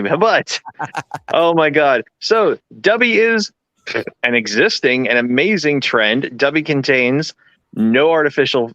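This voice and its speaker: Jokey male co-host, animated, sharp tone, dull lo-fi mic, ad-libbed reads. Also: medium pitch, no room sound. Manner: joking, off-the-cuff. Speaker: podcast co-host. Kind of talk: casual podcast chat, off-the-cuff ad read.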